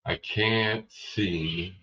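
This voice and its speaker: A deep-voiced man chats casually on a livestream, answering viewers by name with a bright, forward edge. His audio is dull and lo-fi, and he sits a little away from the mic. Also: steady tone, extremely slow, creaky, recorded from a distance. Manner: rambling, chatty, addresses viewers by name. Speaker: livestream host. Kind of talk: casual livestream chat reading viewer comments.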